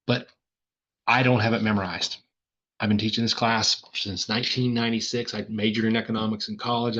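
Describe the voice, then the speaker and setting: A man's voice: on the low side, breathy edge. An older man teaching an economics lecture in a chatty, self-deprecating way, working through examples aloud. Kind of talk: recorded classroom lecture. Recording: dull lo-fi lecture recording.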